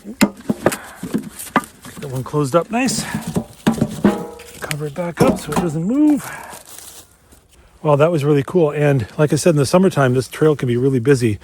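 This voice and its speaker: A Minnesota man narrates a casual geocaching vlog on a winter trail, speaking straight to viewers in a chatty, enthusiastic way and sounding a bit winded from his fast walk. His voice is on the high side and darkish, expressive, at a normal speed with frequent pauses. There's slight background noise.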